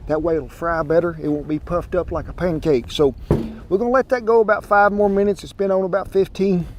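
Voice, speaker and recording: A chatty man walks viewers through his cooking outdoors, his voice sitting slightly high. He talks in a folksy drawl, and faint ambient noise from the open air sits behind him. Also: steady tone, fairly quick. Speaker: cooking show host. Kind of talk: casual cooking demonstration. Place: outdoors by a smoker grill.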